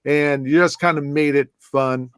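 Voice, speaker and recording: Guy spinning old stories, kinda high voice, dry close sound. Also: a little slow, smooth, dry recording. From southwest side of Chicago, US. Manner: animated anecdotes with many restarts and fillers. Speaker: former whisky brand ambassador, guest. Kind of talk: casual conversational storytelling.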